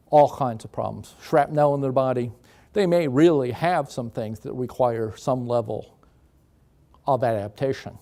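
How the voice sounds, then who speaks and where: An older man, a psychologist, giving an animated, conversational lecture to an audience in a classroom. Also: mid-range voice, normal speed. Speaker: guest speaker, psychologist. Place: lecture room.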